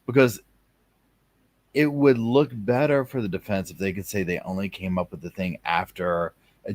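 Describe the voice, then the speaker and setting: Deep-voiced guy riffing sarcastically on a trial live stream, chatty asides. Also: dry recording. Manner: chatty, sarcastic, acts out people's thoughts in asides. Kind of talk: casual live commentary over a trial stream.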